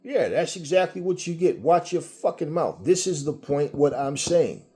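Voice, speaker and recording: A man's voice: on the high side, expressive, normal speed, warm tone. A man delivering a heated, profane commentary monologue, repeating himself as he argues. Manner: angry, profane, repetitive.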